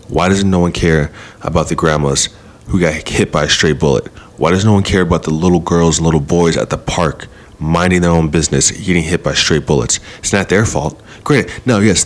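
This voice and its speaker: Low-voiced man ranting heatedly. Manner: heated, argumentative, rhetorical questions. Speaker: podcast host. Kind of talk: opinion rant.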